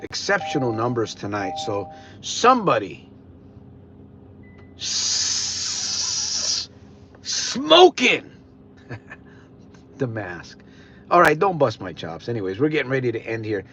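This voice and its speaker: A man's voice: mid-range voice, very animated, fairly quick, fairly bright tone. A man with a Connecticut accent hosting a live podcast stream, talking casually in a blunt, rambling way with frequent restarts. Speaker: podcast host. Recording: dull lo-fi sound with faint noise.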